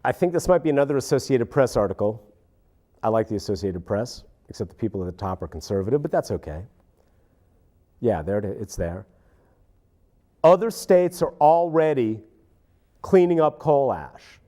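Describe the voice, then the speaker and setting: A man's voice: mid-range voice, moderate pace, long pauses. A man hosting a local commentary show, ranting sarcastically about politics. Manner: animated, sarcastic, mocking voices.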